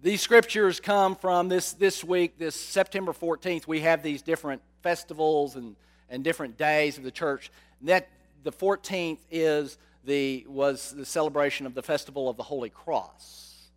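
A man preaching a sermon, slow and dramatic, often asking his listeners rhetorical questions. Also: fairly high pitch.

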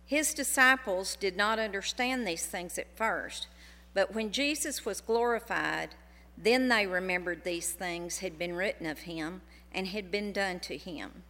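A woman reading a Bible passage aloud in church in a measured, formal way. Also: medium pitch, pushed and bright. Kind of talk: scripture reading. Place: church sanctuary. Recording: long hall reverb.

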